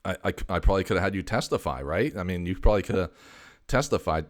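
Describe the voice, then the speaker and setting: A man's voice: sits low, fast. A man hosting a casual comedy livestream, joking and laid-back with frequent stammers. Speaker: show host.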